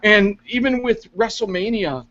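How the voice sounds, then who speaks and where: A man's voice: sits high, measured pace, a bit bright. A man reviewing a wrestling show in casual, profane chat, rambling and laughing often. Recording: dull lo-fi recording.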